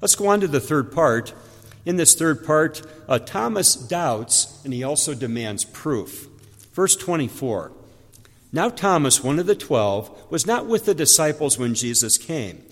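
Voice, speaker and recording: A man's voice: fairly high pitch, very animated, a little slow. Earnest male preacher in a reverberant hall. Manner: earnest, explaining scripture with rhetorical questions. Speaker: pastor. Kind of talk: sermon.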